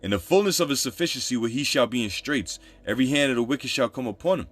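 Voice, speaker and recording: A man's voice: mid-range voice, expressive, quick pace, a bit bright, soft background music. A man preaching, reading Bible verses and explaining them in loose, repetitive street talk. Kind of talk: scripture teaching.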